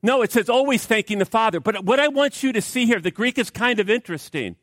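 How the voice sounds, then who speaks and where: A man's voice: very high-pitched, lively intonation, fast talker, fairly bright tone, dry recording, clean studio sound. A man preaching a sermon, telling a story with strong emphasis and speaking directly to his congregation. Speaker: pastor.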